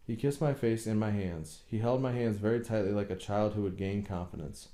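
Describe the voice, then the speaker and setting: A man reading a novel aloud as an audiobook narrator, slow and measured. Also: lowish voice, warm tone, roomy sound. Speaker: audiobook reader.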